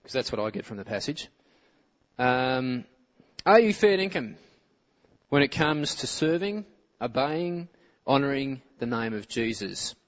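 A man's voice: mid-range voice, animated, measured pace, a bit bright. A man with an Australian accent giving an informal sermon as a preacher, chatty and asking his audience questions. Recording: muffled lo-fi recording.

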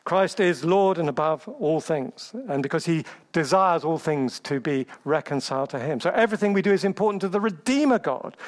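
A man preaching a sermon, emphatic, building through lists and rhetorical questions. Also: sits high.

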